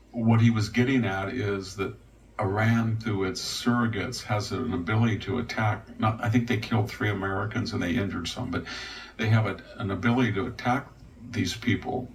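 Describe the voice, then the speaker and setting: Older guy with a low gravelly voice rambling wry political takes, mic kinda far off with faint hiss. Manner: rambling, wry, mimics others mockingly. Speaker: guest commentator. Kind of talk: casual political commentary. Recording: distant mic with faint noise.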